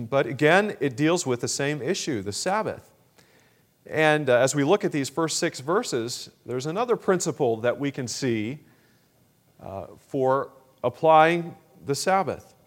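A man preaching a sermon, speaking in a measured way with frequent fillers and throat clearing. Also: a little high, lively intonation.

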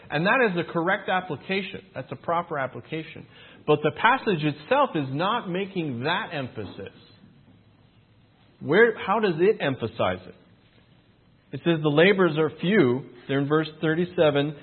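A man delivers a sermon in a husky, slightly raised voice, leaning into rhetorical questions and pressing his points home with earnest emphasis. The sound is thin and tinny, like it is coming down a phone line. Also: on the high side, lively intonation, normal speed. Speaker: preacher.

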